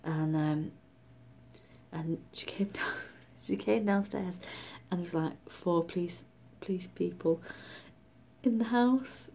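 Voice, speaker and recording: A middle-aged woman from Britain telling a story in a casual vlog, chatty and animated, often dropping to a whisper. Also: fairly low pitch, slow, vocal fry, slight background noise. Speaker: vlogger.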